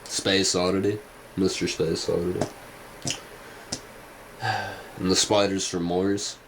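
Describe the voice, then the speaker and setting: Slow, low-voiced rambling male vlogger. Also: little pitch movement, creaky, noisy background. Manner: hesitant, many fillers and restarts. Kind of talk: casual rambling commentary.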